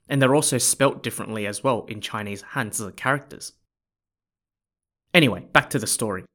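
A man's voice: mid-range voice, normal speed, a bit bright. A man telling an old history story in a casual, chatty way, with asides to his listeners. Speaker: podcast storyteller.

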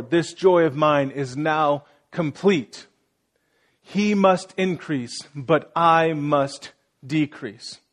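Preaching with earnest, searching intensity, a male pastor voices the people he quotes and throws questions back at his listeners. His pitch runs slightly above the typical man's.

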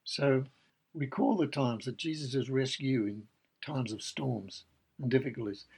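A man's voice: mid-range voice, moderate pace, gravelly, a little mellow, breathy edge, poor audio. A man preaching a sermon, earnestly explaining scripture and reading passages aloud.

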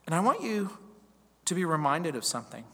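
A man's voice: on the high side, sing-song, a little fast, bright, forceful tone, slightly rough, big-room sound. A male pastor preaching a verse-by-verse sermon, emphatic, stacking repeated phrases and rhetorical questions.

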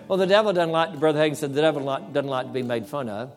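High-voiced pastor preaching emphatically. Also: male voice, animated, quick pace, hardly any pauses, soft background music. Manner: emphatic, repeats phrases, acts out dialogue with the devil. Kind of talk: sermon.

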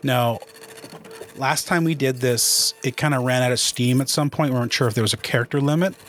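A man's voice: mid-range voice, brisk, a bit bright, a little hiss or hum. A man hosting a casual podcast chat, explaining things at length and thinking aloud as he goes. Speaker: podcast host.

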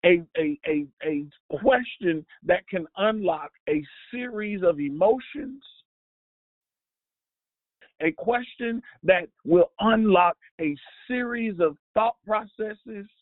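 A man hosting a devotional show, preaching slowly with halting restarts and a repeated refrain. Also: high voice, lively intonation, dry recording. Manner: halting, repetitive, with many restarts and fillers; drives points home with a repeated refrain. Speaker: host and preacher. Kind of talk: devotional sermon. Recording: tinny phone-like dry sound.

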